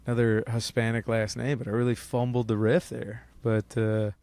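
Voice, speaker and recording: A man's voice: mid-range voice, little pitch movement, moderate pace, a little mellow, no room sound. A man co-hosting a casual comedy podcast, loose and profane, laughing often and slipping into joke voices. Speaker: podcast co-host.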